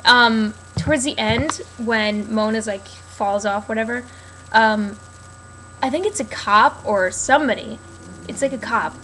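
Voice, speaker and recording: A woman's voice: on the high side, unhurried, fairly bright tone, slight background noise, poor audio. A young woman rambling casually and sarcastically about a TV episode, with lots of fillers. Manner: chatty, sarcastic, many fillers. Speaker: TV recap vlogger.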